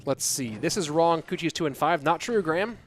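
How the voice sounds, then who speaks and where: A man's voice: on the high side, expressive, fairly quick, a little hiss or hum. A young man casting an esports tournament alone from his home office, chatting loosely with viewers between games. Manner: chatty, rambling, talks straight to viewers. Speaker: esports caster. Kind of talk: solo live-stream commentary and chat reading.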